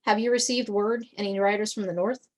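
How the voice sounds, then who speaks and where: A woman's voice: medium pitch, steady tone, brisk, darkish tone, close to an everyday voice. A woman reading the lines of a formal male lord who probes with questions. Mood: probing. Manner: formal, probing.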